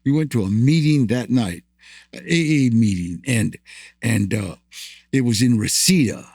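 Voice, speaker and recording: A man's voice: medium pitch, lively intonation, a little slow, darkish tone, husky, no echo. An older man from the United States, a guest in an interview, tells rambling stories of his past, repeating words and laughing often. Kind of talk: storytelling interview.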